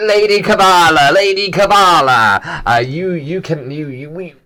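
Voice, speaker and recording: A man's voice: a little high, unhurried, pushed and bright, voice pushed up. A man doing a stammering, fawning fish-tank attendant. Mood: flustered. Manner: sputtering, stammering, eager.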